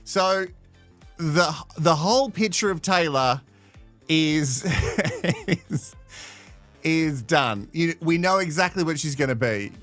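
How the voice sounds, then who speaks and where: A man's voice: a little high, animated, slow pace, a bit bright, soft background music. A man hosting a live reality-show recap, swearing, sarcastic and laughing often. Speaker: host.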